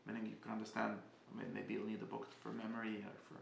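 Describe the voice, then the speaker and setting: A man giving a casual spoken class, halting and often restarting as he searches for words. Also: fairly low pitch, monotone, vocal fry, echoey room, a little hiss or hum. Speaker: teacher.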